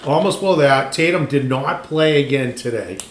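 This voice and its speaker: A man's voice: medium pitch, moderate pace. A man, co-hosting a casual sports podcast, emphatic and ranting, often restarting his sentences. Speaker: podcast co-host. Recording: echoey room with faint ambient noise.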